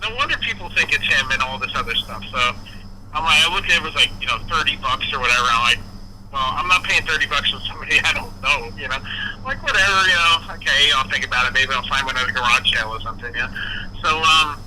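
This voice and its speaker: A man telling a casual story with a fairly high voice. He acts out every quoted line with lively changes in his delivery. His voice comes through a noisy, hissing phone line. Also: quick pace. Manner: animated, acts out quoted dialogue. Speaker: guest musician.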